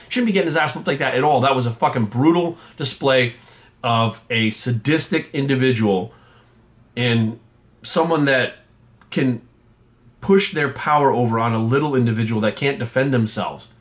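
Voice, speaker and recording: A man's voice: mid-range voice, moderate pace. A man delivering an angry, profane rant as a fitness coach vlogger. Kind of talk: ranting monologue.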